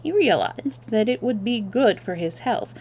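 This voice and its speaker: Woman reading a book out loud on stream, expressive, fixes small slips. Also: on the high side, a little slow, a little hiss or hum. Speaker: storyteller. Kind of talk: reading a novel aloud on a livestream.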